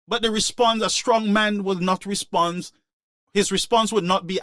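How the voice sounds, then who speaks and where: Man, call-in radio host, preachy, raised pitch, dry close sound. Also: fairly even intonation, moderate pace, fairly bright tone, no echo. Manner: impassioned, preachy, repeats points for emphasis. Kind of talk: opinionated call-in talk.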